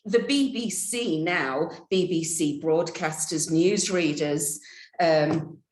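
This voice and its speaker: A woman's voice: deep voice, takes it slowly, darkish tone, roomy sound. A woman from the United Kingdom hosting an interview, chatty, laughing often and quoting herself in asides. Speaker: interviewer host. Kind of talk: casual interview chat.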